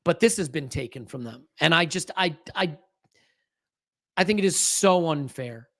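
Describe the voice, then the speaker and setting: Watch-along podcast host, live match commentary, anxious fan energy, mid-pitched, desk mic. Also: expressive, moderate pace, a bit bright. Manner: anxious, restless fan commentary with frequent restarts. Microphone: fiddles with a desk microphone.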